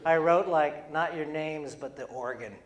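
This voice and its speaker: A middle-aged man with a fairly high voice, speaking to an audience as he draws. He is playful and quick-witted, full of wry asides. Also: crowd noise. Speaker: cartoonist and speaker. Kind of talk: humorous live talk. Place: event hall before an audience.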